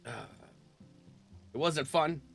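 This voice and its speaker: A man chatting casually with viewers while streaming a game, laughing often and clearing his throat. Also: on the high side, takes it slowly, soft background music. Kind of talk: casual live-stream chat.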